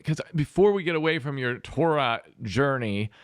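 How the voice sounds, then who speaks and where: A man's voice: mid-range voice, lively intonation, normal speed, no room sound, clean studio sound. A man hosting a podcast in a casual, lighthearted and joyful way. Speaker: podcast host. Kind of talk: casual conversation.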